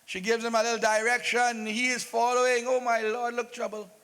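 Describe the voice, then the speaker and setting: A high-voiced man narrates a religious folk play live, slipping in playful jokes. His voice booms with long echo through an open-air loudspeaker. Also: monotone, a little fast, smooth. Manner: playful, joking asides. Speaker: stage narrator.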